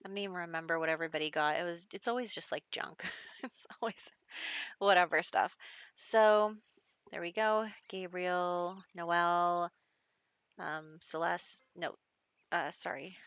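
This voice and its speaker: Bright-voiced woman narrating a life-sim game. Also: on the low side, fairly even intonation, moderate pace, smooth, no room sound, dull audio. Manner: chatty, laughs often, speaks lines for characters in passing. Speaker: gameplay commentator. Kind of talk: casual let's-play narration.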